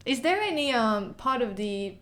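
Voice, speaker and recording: Soft-spoken woman asking questions. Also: on the high side, sing-song, normal speed, a loud crowd. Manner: asks questions in a soft, hesitant, searching way. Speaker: podcast host. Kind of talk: casual podcast chat.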